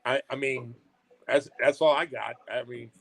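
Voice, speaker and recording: A man with a mid-range voice guests on a podcast. He answers haltingly and fills his pauses with "um" and "uh". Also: medium pitch, fairly even intonation, gravelly, a bit bright, poor audio. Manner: halting, filler-heavy. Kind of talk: casual chat.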